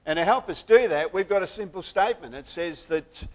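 A man pastor who prays softly, then preaches a sermon with lively humor and jokes. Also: high-pitched, brisk.

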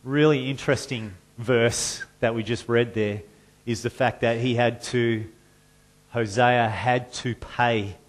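A male pastor preaching a sermon, moving between conversational explanation and loud, forceful reading of scripture. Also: mid-range voice. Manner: reads scripture loudly and forcefully, then drops to a conversational tone.

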